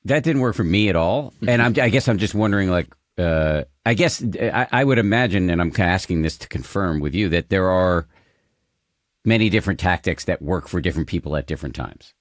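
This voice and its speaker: A man co-hosting an interview asks his question haltingly, stopping on fillers. His voice sits very low. The recording is dry, with no room sound. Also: expressive, dry recording.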